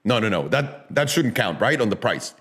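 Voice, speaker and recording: A man's voice: fairly low pitch, sing-song, normal speed, a bit bright. A man hosting a casual talk show, ranting emphatically with profanity, sarcasm and rhetorical questions. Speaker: podcast host. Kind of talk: casual opinionated chat.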